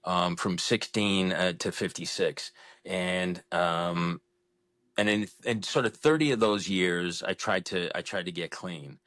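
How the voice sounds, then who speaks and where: A man's voice: sits low, measured pace, a bit bright, no room sound. A man in his fifties, a podcast guest, speaking frankly and with self-deprecation in a candid interview conversation. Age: 50s.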